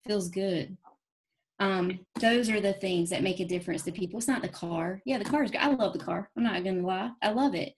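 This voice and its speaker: A woman's voice: mid-range voice, slight background noise. A woman giving an earnest, folksy motivational talk on a team training call. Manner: folksy, earnest, fast-moving pep talk. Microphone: phone or call audio.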